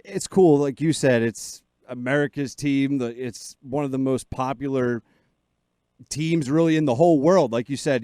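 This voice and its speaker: Man, sports radio co-host, enthusiastic, mid-pitched, dry studio mic. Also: warm tone, smooth, dry recording. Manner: enthusiastic, conversational. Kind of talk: casual radio interview.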